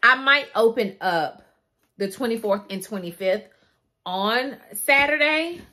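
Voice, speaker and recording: A young woman chatting to her viewers in a casual vlog, animated and laughing often, recorded on a phone. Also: on the high side, measured pace, no echo. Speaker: beauty vlogger. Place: in a car, then outdoors at night in the cold.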